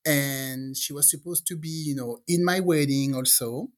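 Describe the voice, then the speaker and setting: A woman telling a personal story in casual chat, acting out what people said with lively energy. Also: very deep voice, normal speed. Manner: animated storyteller, acts out quotes.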